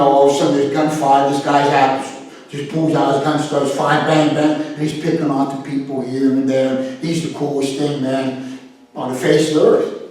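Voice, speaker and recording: A blunt, animated man, middle-aged, talking as a self-defense instructor in a podcast monologue. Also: fairly high pitch. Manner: blunt, animated, swears freely. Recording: very echoey room, far from the mic.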